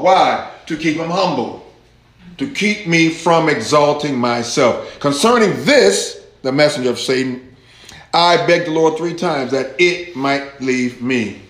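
A man preaching a sermon as pastor, slow and deliberate, rising with emphasis as he reads scripture aloud to his congregation. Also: fairly high pitch, animated, a bit bright. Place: church hall. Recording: echoey church room.

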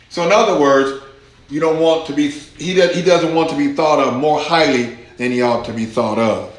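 A man preaching a sermon as pastor, slow and deliberate, rising with emphasis as he reads scripture aloud to his congregation. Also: mid-range voice, expressive. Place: church hall. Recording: echoey church room.

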